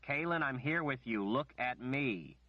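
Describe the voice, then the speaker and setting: A man playing a desperate young man who pleads urgently and insistently, then low and calm. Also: measured pace, no echo, dull audio, natural voice. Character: desperate young man calling a woman back.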